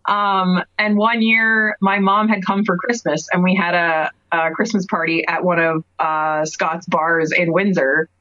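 A woman in her thirties from Cape Breton, telling stories casually in an interview, full of "like"s and quick laughs. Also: on the low side, level tone, pushed and bright, dry recording. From Canada, Cape Breton. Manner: chatty storyteller, many "like"s, laughs often. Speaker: guest wrestler. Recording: dry, dull lo-fi podcast audio.

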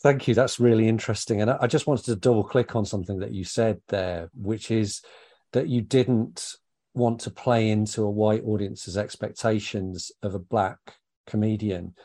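A man's voice: lowish voice, steady tone, normal speed, dark tone. A man interviewing a guest, asking polite, probing questions. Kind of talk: oral history interview.

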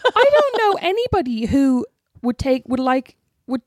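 A woman's voice: high-pitched, very animated, unhurried, no echo, clean studio sound. A woman in her thirties co-hosting a podcast, chatting candidly and mocking herself, swearing freely. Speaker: podcast co-host. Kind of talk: casual sisters' chat.

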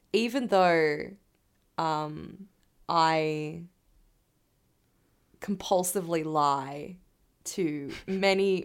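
Slow-talking, laughing woman co-host. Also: fairly low pitch. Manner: laughs often, teasing. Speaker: podcast co-host. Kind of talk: casual chat.

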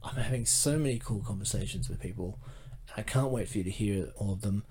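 A man's voice: on the low side, fast talker, darkish tone. A young Australian man hosting a casual podcast interview, upbeat and chatty, with plenty of fillers and restarts. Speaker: podcast host.

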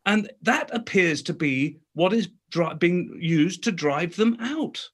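A man's voice: high-pitched, expressive, takes it slowly, breathy edge. A man speaking as a talk show guest, emphatic and indignant, often restarting his sentences. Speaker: guest commentator.

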